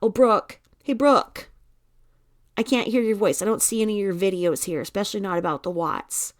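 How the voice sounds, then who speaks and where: A woman hosts a casual true-crime live stream, reading viewer comments aloud and answering bluntly, sometimes swearing and often dropping to a low mutter as she reads the screen. She talks at a quick pace in a dry recording with clean studio sound.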